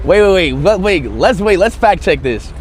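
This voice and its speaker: A young man livestreaming on a busy street, loudly incredulous and firing repeated questions. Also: sits high, expressive, normal speed, a little hiss or hum. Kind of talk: excited street livestream chat.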